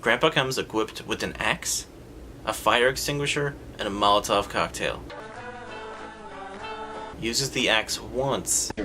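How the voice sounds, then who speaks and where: A man giving a sarcastic, animated comedic recap of a movie, mocking the scenes and popping into quick silly voices for the characters. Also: lowish voice, over loud music.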